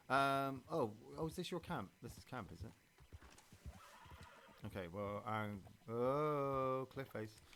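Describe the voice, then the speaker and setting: Male streamer, mid-pitched, chatty, rambling commentary over a game. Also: slow pace, fairly bright tone, slight background noise. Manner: rambling and chatty, with many fillers and restarts. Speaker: streamer and podcast host. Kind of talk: casual gameplay commentary.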